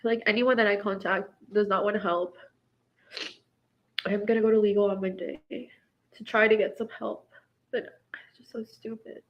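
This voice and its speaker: A woman's voice: mid-range voice, fairly even intonation, moderate pace, long pauses, lo-fi sound. A woman in her twenties, speaking in a distraught, venting way in a personal vlog, filling her sentences with "like". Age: 20s. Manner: distraught, venting, heavy use of "like". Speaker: vlogger recounting her marriage.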